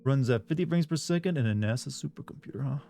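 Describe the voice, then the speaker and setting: A man's voice: mid-range voice, lively intonation, fast talker, vocal fry, warm tone, soft background music. Rambling male streamer chatting with viewers. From US South. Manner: rambling, reads chat aloud and answers. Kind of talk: casual live-stream chat.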